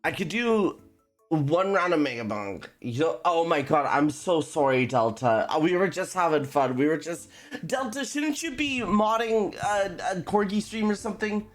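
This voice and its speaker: A woman's voice: on the low side, normal speed, faint music behind. A woman streaming a game, chatting casually and giggling with her chat. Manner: giggly, animated, talks to chat.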